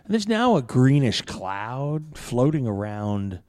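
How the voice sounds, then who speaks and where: Lively male game master narrating. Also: medium pitch, slow. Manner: animated, loose storytelling with fillers.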